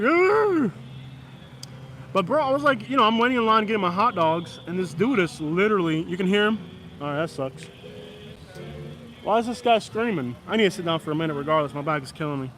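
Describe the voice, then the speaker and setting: A man rambles casually to viewers on a live stream from a downtown street at night, filmed on a camera stand. His voice sits high, with a fairly bright tone.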